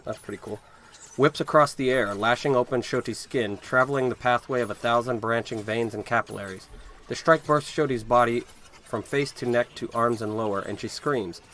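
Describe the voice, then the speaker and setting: A man's voice: mid-range voice, a bit bright, slight background noise. A man hosting a let's play, reading game text aloud with casual, wry asides. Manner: casual, wry asides between read passages.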